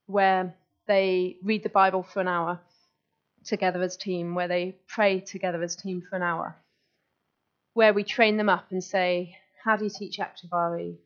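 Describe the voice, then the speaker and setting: A woman's voice: on the low side, flat delivery, normal speed. A woman giving an enthusiastic, chatty live talk to an audience as a guest speaker, restarting her sentences as she goes. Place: meeting room with audience. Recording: dull lo-fi live recording.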